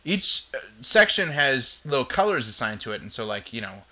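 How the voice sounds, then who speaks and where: A man's voice: mid-range voice, very animated, normal speed, sharp tone. A man hosting a show, rambling casually as he tells a story. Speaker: podcast host. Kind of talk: casual chat.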